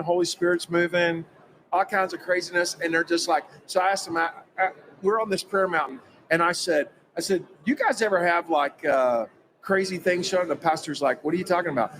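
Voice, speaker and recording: A man telling an animated story about a personal experience, acting out quoted dialogue with emphatic energy. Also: high-pitched, normal speed, slight background noise, poor audio. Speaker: guest recounting a personal experience.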